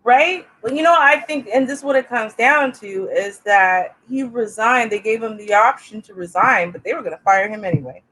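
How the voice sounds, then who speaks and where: A woman co-hosting a casual reaction show, chatty and thinking things through out loud. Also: a little high, moderate pace, few pauses, low-quality recording. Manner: chatty, reasoning aloud, laughs often.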